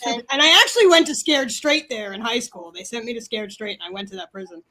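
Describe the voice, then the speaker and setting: Podcast guest: young woman, high voice, rapid rambling swear-heavy anecdotes. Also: bright, forceful tone. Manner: fast, rambling, profane. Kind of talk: casual storytelling chat.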